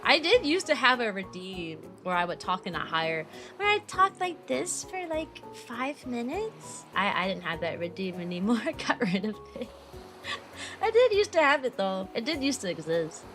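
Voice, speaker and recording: A young woman chats casually on her stream, answering viewers in a bright, lively voice that swings up and down a lot. She peppers her sentences with "like" and laughs easily. Soft music plays underneath. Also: mid-range voice, moderate pace. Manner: chatty, heavy use of "like", laughs often. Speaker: VTuber streamer.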